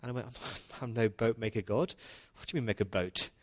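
A preacher speaking as Noah, earnest and plain. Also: male voice, lowish voice, fairly quick, a little mellow, close to an everyday voice. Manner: first-person storytelling, heartfelt, conversational. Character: Noah, humble earnest older man, male. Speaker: pastor. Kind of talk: dramatic first-person retelling in a sermon.

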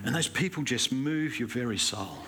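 Bright-voiced man preaching. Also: mid-range voice, normal speed, a little hiss or hum. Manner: earnest, emphatic preaching with animated anecdotes. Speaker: pastor. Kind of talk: sermon. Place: church hall.

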